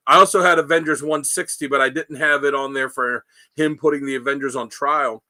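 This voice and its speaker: A man co-hosting a podcast, with a bright, tense-edged voice recorded close and dry. He rambles through his stories, leaning on fillers and restarts. The talk is loose and casual. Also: medium pitch, steady tone, fairly quick, no echo. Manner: rambling, many "you know" fillers. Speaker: podcast co-host. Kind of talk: casual chat, retelling comic scenes.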